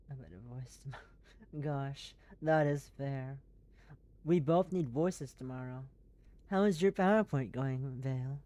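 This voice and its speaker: Rambling, excitable game streamer. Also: medium pitch. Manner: rambling, excitable, swears freely; talking in an airy put-on voice. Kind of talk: casual live game commentary.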